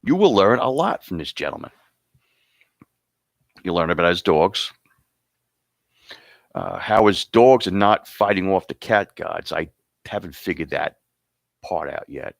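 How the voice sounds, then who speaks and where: A man's voice: low-pitched, big pitch swings, measured pace, creaky, long pauses, no echo. A man hosting an awards show, rambling and joking casually between announcements. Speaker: host presenting awards.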